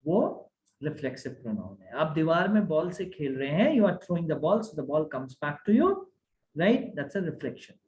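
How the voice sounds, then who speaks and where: Animated male teacher. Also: sits high. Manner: animated, asks the class many checking questions. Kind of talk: online grammar class. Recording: echoey room.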